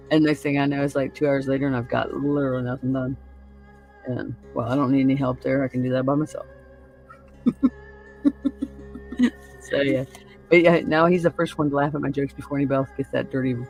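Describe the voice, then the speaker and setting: Gravelly woman, crude laughing storyteller. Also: low voice, fairly even intonation, brisk, pauses often, faint music behind, low-quality recording. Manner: crude, laughing storyteller who acts out other people's lines. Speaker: podcast host. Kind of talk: casual chat.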